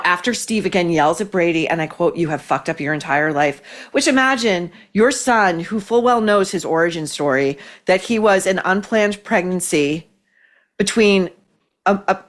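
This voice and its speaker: A woman hosting an opinionated commentary show, talking in a scathing, fast-flowing way with frequent restarts. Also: medium pitch, expressive. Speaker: host.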